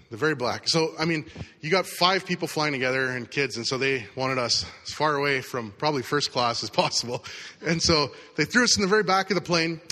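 Bright-voiced man preaching in a reverberant hall. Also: a little high. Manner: casual, conversational storytelling with acted quotes. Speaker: pastor. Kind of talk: sermon with storytelling.

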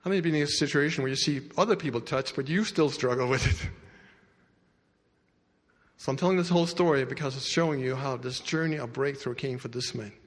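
A man preaching and retelling a story to his congregation, his voice sitting at an everyday middle pitch. He jumps from loud, lifted bursts down to low, hushed asides. The sound rings out with the long reverb of a big hall. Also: fairly quick. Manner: animated storyteller, swings between loud bursts and quiet asides. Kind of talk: sermon storytelling.

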